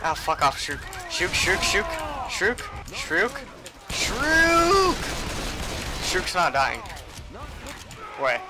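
A young man giving excitable gameplay commentary as a gaming channel host, swearing often and shouting at his teammates. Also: a little high, slow pace, very noisy. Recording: loud game audio behind voice.

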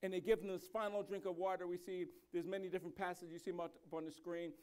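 A man, a pastor, preaching a sermon, moving between quiet reflective speech and loud, slow, emphatic delivery, with frequent restarts and repeated words. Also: high-pitched, little pitch movement, clean tone.

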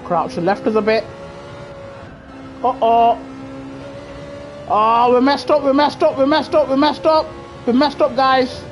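A man's voice: very high-pitched, unhurried, pauses often, soft background music. A man streaming a sim racing game live, bantering in a jokey, laughing, cheeky way into a gaming headset at his home rig. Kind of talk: live gameplay commentary.

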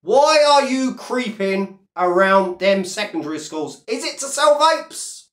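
A man's voice: high-pitched, very animated, unhurried, a bit bright. A man delivering a taunting video rant, speaking straight to a rival and repeating his jabs. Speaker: vlogger. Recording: roomy echo.

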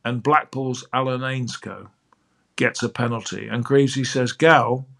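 A man's voice: mid-range voice, moderate pace, vocal fry. An older man, a sports broadcaster, telling anecdotes as a guest on a podcast interview. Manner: lively, acts out quoted dialogue.

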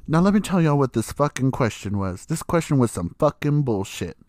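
A man's voice: mid-range voice, sing-song, fairly quick, few pauses, darkish tone, dry recording, studio quality. A young adult man hosting a podcast, telling a story in a casual, sassy and profane way, laughing often. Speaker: podcast host.

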